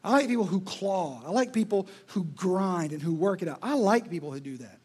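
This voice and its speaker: A man's voice: high-pitched, lively intonation, a little fast, darkish tone, slightly rough. A male pastor preaching a sermon in an emphatic, repetitive, rhetorical style.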